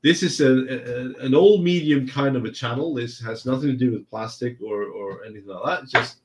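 A man hosting a casual hobby stream, with a husky voice and a cold, swearing freely and often restarting his words. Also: mid-range voice, a little fast, rough recording. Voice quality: husky whiskey voice. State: sniffly, with a cold. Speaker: stream host.

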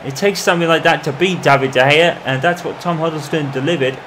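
A man commentating on his own football video game in the manner of a match broadcaster, calling the play and getting loud at goals. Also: on the high side, fast talker, noisy background. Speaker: gaming commentator. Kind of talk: mock football match commentary over gameplay.

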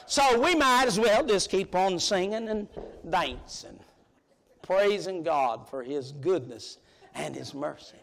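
Male preacher, very high pitch, emphatic, colloquial, shouts at the peaks. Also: expressive, slow, vocal fry. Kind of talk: sermon. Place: church sanctuary.

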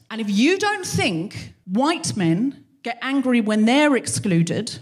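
A woman hosting a live comedy podcast, delivering a profane, animated stand-up monologue on stage. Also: mid-range voice. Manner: profane, animated, acts out scenes. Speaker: podcast host. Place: live show on stage before an audience.

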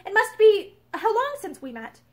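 A woman reading aloud, voicing a calm man with polite, offhand manners. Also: very high-pitched, moderate pace, voice pushed up.

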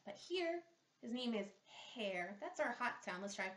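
With big pitch swings in a fairly high voice at normal speed, a woman speech therapist reads a picture book aloud to young children. It's a slow read-aloud lesson with patient, sing-song questions, recorded in an echoey room.

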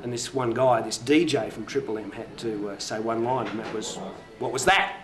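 A middle-aged man with an Australian accent, a voiceover artist telling a rambling story in a deadpan manner during an interview. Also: medium pitch, fairly quick, over music. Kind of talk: mockumentary interview anecdote.

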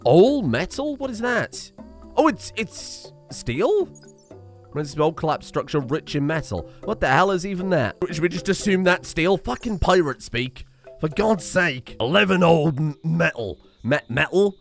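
A man's voice: high voice, sing-song, unhurried, fairly bright tone, soft background music. A man from the West Country of England with a West Country accent, giving casual, joking let's-play commentary and swearing freely. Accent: West Country English. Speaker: game streamer.

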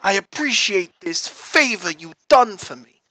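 A woman voicing a gruff male mob boss, drawling and mock-tough. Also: medium pitch, expressive, a little slow, pushed and bright, no echo, voice pushed down. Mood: smug. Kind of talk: let's play voice acting.

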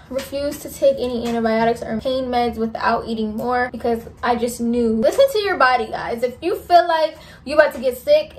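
A woman's voice: fairly high pitch, a little hiss or hum. A young woman in her twenties, a vlogger giving a candid, chatty recovery update full of "like" fillers. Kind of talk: casual recovery update vlog.

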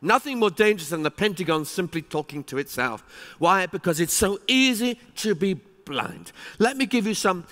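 Animated high-voiced man, keynote speaker in a hall. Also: moderate pace. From England. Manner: animated, emphatic, with rising exclamations. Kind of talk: conference keynote speech. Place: large conference hall. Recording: reverberant hall.

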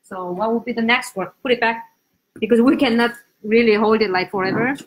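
High-voiced woman teaching Korean. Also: fairly quick. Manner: animated, switches between Korean and English; uneven English grammar. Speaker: Korean language teacher, host. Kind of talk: live-stream language lesson.

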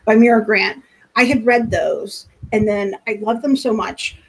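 A woman librarian co-hosting a casual book chat, talking freely and correcting herself with quick apologies. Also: on the high side, fairly even intonation, poor audio. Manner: talkative, self-correcting, apologetic. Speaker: librarian co-host. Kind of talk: casual chat about books.

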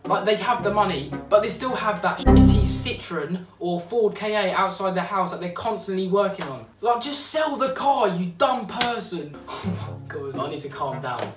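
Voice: medium pitch, moderate pace. Ranting vlogger in an echoey room. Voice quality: sarcastic, exasperated, rambling. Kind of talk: comedic rant to camera. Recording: roomy, distant mic, music behind.

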